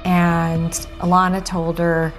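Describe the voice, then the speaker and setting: A woman in an interview recalling an exciting moment in a lively way. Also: on the low side, slow, soft background music.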